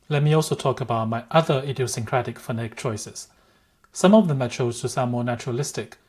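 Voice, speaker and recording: A man giving an explanatory language lesson in a measured, careful way, pausing to demonstrate the pronunciation of words. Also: medium pitch, a little mellow, breathy edge. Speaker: language teacher.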